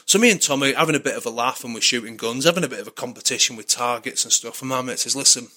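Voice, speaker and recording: A man with a British accent, a podcast guest telling a casual anecdote in a lively, chatty way and sometimes swearing. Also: medium pitch, very fast. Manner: animated storyteller, acts out quoted dialogue, swears casually.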